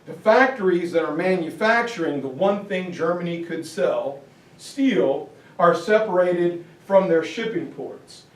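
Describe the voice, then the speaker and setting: High-voiced man lecturing in an echoey room. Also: a little slow, far from the mic. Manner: lively, acts out quotes from history. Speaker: history teacher. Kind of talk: classroom lecture.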